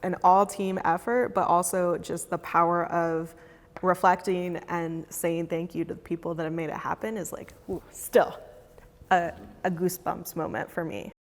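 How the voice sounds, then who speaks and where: A woman's voice: on the low side, moderate pace, in a large hall. A woman, a foundation fellow, chatting casually in a roundtable and acting out her past self as she tells stories. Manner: animated storyteller, acts out her past self.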